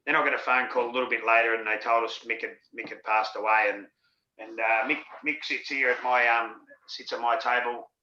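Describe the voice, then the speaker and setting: Bright, earthy Australian man in an echoey room. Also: mid-range voice, flat delivery, fairly quick. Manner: rambling, earthy, swears freely. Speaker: interview guest, former rugby league player. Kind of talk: candid storytelling. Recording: dull lo-fi sound in an echoey room.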